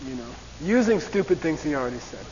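Male lecturer, fairly high voice, repeats "okay?", long reverb, muffled lo-fi tape with faint hiss. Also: fast. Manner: animated, repeats "okay?" and acts out debate voices. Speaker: teacher. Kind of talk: classroom lecture.

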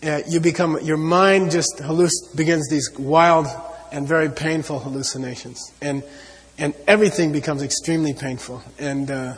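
A man's voice: fairly high pitch, fairly even intonation, moderate pace, hardly any pauses, big-room sound. A man giving an earnest spiritual talk to an audience, repeating his points and often saying "you know.". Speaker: Buddhist teacher.

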